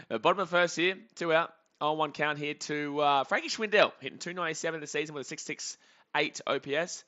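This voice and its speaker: A young man hosting a live baseball reaction stream, calling plays and reading chat comments aloud in an excitable way. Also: on the high side, a little fast, highs cut off. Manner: excitable, reads out chat comments between calls.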